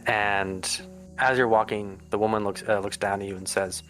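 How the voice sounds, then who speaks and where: A man narrating a tabletop game as game master, descriptive and pausing. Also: fairly low pitch, fairly even intonation, a bit bright, soft background music, low-quality recording.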